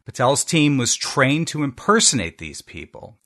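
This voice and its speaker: Man, from the United States, podcast co-host, wry and jokey, animated pitch. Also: moderate pace. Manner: wry, jokey delivery of a prepared segment. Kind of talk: casual panel chat.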